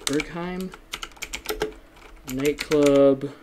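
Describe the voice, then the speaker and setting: A man's voice: fairly high pitch, steady tone, very slow, very noisy. Male solo podcast host, loose and rambling, self-deprecating, natural fillers. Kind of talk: casual solo podcast chat.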